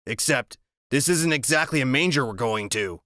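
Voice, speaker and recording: A man voicing a cold, controlling ex-convict father in an audiobook, speaking with quiet menace and command. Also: mid-range voice, expressive, normal speed, dry recording, clean studio sound. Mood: menacing.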